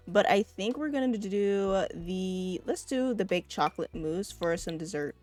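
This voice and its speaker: A woman's voice: medium pitch, expressive, unhurried, hardly any pauses, a little mellow. A young woman giving casual gameplay commentary, chatty and laughing often as she talks to her viewers. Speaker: gaming video creator.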